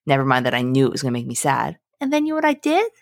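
A young woman co-hosting a podcast, chatting casually and telling animated stories about her day. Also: extremely low pitch, rapid-fire, gravelly, dry recording, clean studio sound. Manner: chatty, animated storytelling with frequent laughs. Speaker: podcast co-host. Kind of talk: casual chat.

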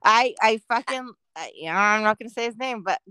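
A woman's voice: on the high side, expressive, a little fast, bright, forceful tone, smooth, no room sound, low-quality recording. A woman in her forties from Southern California, co-hosting a podcast in casual, profane chat and laughing often. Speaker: podcast co-host.

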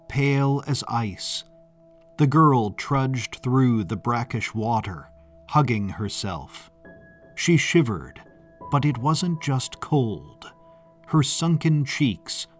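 A man reading a historical story as scripted narration, in a measured, deliberate way. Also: mid-range voice.

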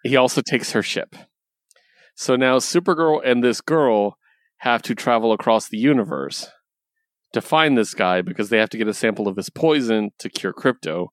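A man's voice: medium pitch, animated, moderate pace, no room sound, studio quality. A young man in casual chat, retelling a comic book story with lots of laughs and casual swearing. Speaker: podcast co-host reviewing comics.

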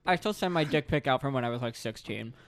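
A man chatting as a podcast guest, campy with dry jokes, often trailing off softly. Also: medium pitch, lively intonation, fast. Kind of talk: casual chat.

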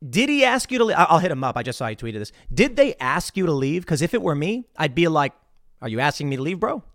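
A man hosting a live political commentary show, talking in an animated way and acting out quotes. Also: a little high, quick pace, no room sound, studio quality. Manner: animated, acts out quotes in other voices. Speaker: host.

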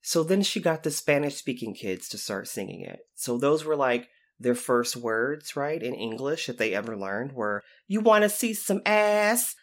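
A man telling lively stories about his time as a youth intervention specialist, acting out the voices of the people in them. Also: medium pitch, moderate pace, few pauses. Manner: animated, acts out quoted voices. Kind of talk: storytelling anecdote.

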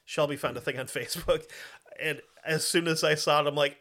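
A man's voice: a little high, steady tone, fairly quick, fairly bright tone. A man from the United States telling a history story in a casual, profane, joking way with lots of fillers. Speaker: podcast host.

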